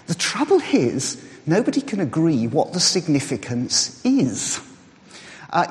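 A man preaching a sermon, explaining in a measured way and reasoning aloud. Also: fairly high pitch. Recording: reverberant hall.

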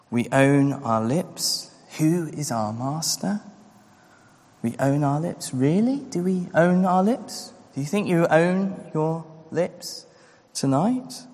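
A man preaching a sermon, earnest and full of rhetorical questions, acting out the voices he quotes. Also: a little high. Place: church. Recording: long hall reverb.

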